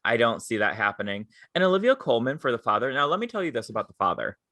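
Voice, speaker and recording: A man's voice: mid-range voice, fast talker, dry recording. A young man co-hosting a podcast, telling stories in casual chat and acting out the people he quotes. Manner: animated storytelling, quotes people with voices. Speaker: podcast co-host.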